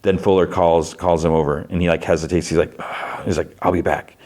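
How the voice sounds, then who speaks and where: A man's voice: sits low, little pitch movement, brisk, a little mellow. A male podcast host casually recapping episodes, talking loosely with many fillers and acting out quotes in a raised voice. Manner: loose delivery with frequent fillers.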